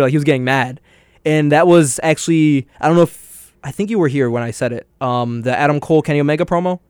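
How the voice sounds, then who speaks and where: A young man rattles through wrestling stories at a quick clip, his voice sitting a little high for a man. He laughs often and acts out what the wrestlers said. The sound is close and dry, with no room echo. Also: clean tone. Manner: excitable storyteller, laughs often, quotes wrestlers. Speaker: podcast co-host. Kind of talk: casual wrestling chat.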